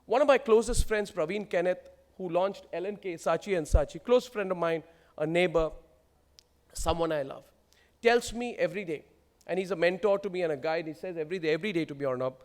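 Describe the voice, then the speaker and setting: A man's voice: high voice, brisk. A man in his forties with an Indian English accent, giving an emphatic motivational speech built on rhetorical lists. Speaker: keynote speaker.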